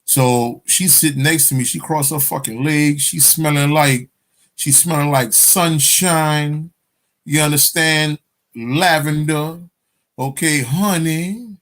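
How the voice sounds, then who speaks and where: A man's voice: fairly high pitch, takes it slowly, a bit bright. A man telling a personal spiritual story in a casual, profane, rambling monologue, often checking in with "you understand?". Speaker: spiritual vlogger.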